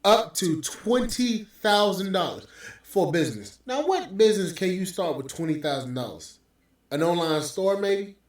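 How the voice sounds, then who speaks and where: A man's voice: high-pitched, lively intonation, normal speed. A man hosting a podcast, ranting with profane, scornful commentary. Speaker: podcast host. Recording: very echoey room, mic at distance.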